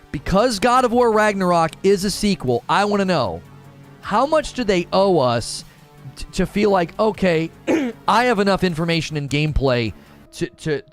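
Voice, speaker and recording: American guy streaming and reading chat, slightly high voice, super lively, laughs a lot, faint music behind. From United States. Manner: animated, laughs often, quick restarts. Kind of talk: casual live stream chat.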